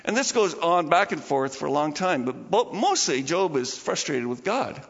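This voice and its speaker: A man's voice: fairly high pitch, sing-song, normal speed, few pauses. A man preaching a sermon as pastor, chatty and informal, with laughing asides to the congregation. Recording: muffled sound with long hall reverb.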